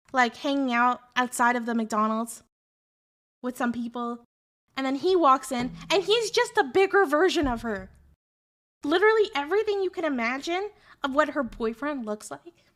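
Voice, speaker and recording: A woman streamer telling a story in a casual, animated, rambling way with lots of fillers. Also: high voice.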